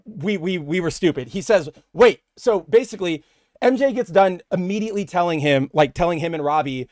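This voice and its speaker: Animated, rambling young man on a podcast. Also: sits high, a little fast, dry recording, clean studio sound. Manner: rambling, animated, acts out characters' lines. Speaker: podcast co-host. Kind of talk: casual comic book discussion.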